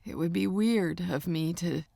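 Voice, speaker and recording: A woman narrator voicing a shy, tearful young woman artist in an audiobook, speaking in a halting, strained way. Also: lowish voice, creaky, dark tone, no room sound, clean studio sound, heavily acted. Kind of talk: audiobook character voice.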